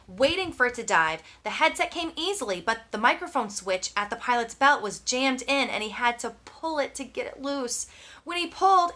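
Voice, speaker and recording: A woman's voice: on the high side, sharp tone. A woman narrating an audiobook with tense, dramatic storytelling. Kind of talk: scripted narration.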